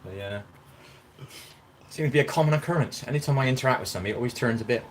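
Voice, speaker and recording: Rambling fast-talking man. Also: medium pitch, background noise. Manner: rambling, repeats "do you know what I mean". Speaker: vlogger. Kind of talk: casual live-stream monologue. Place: outdoors in a park.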